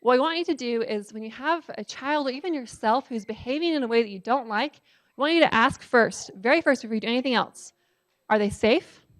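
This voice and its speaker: A woman gives a public lecture conversationally, often asking the audience "right?" and using lots of "um" fillers. Her voice is a little high and fairly quick.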